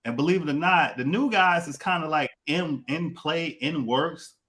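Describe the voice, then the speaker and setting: A man's voice: on the high side, normal speed, fairly bright tone. A man hosting a casual comic book podcast, talking loosely and repeating himself as he explains. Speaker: podcast host.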